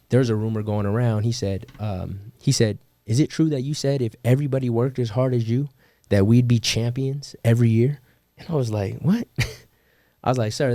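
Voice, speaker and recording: A man's voice: on the low side, warm tone, no room sound. Podcast guest, young man from California, slangy and profane storyteller, dry close sound. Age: young adult. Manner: slangy, swears, laughs often, quotes people. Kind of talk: casual storytelling.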